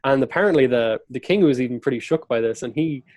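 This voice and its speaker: A man's voice: mid-range voice, fast talker, darkish tone, no room sound. Man vividly retelling history, dry sound. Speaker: podcast guest, historian. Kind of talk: conversational storytelling.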